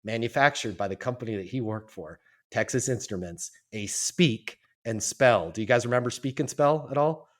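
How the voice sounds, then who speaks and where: A man of fifty, a guest on a podcast, telling his life story in a casual, animated way and acting out the voices of the people in it. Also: mid-range voice, normal speed, hardly any pauses. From Colorado, US. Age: 50s. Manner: animated storyteller, acts out quoted voices, repeats words.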